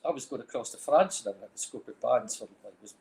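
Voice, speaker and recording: Quick-paced and expressive, a middle-aged Dundee man from Scotland talks in a mid-range, slightly mellow voice. As the guest in a casual chat, this film director and music manager rambles through stories loaded with "like, you know", captured with roomy echo.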